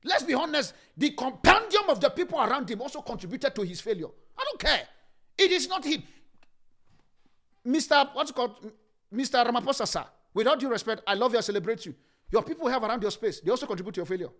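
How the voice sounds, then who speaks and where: A pastor preaches with a high, lively male voice at a quick pace. He drives home key lines by repeating them, shifting between loud proclamations and quiet asides.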